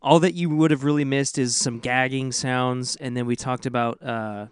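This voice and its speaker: A man's voice: medium pitch, fairly even intonation, moderate pace, smooth. Crude joking young man. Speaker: podcast co-host. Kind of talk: casual chat.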